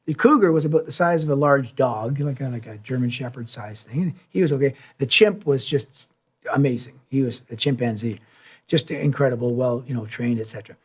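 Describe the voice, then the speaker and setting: A man's voice: mid-range voice, fairly quick, husky. A man telling a long anecdote at a live session, acting out quoted lines and sound effects as he goes. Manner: animated storyteller, acts out quotes and sounds. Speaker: musician telling a story.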